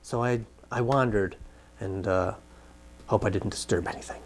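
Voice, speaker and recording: A man's voice: on the low side, normal speed. A middle-aged man co-hosting a casual talk show, reading movie blurbs and cracking dry jokes. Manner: dry, joking asides. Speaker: co-host. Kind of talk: casual chat and movie preview.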